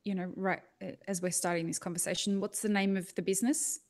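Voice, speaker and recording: A woman with an Australian accent hosting a podcast interview, chatty and quick to joke. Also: mid-range voice, fairly even intonation. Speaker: podcast host. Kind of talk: casual interview chat.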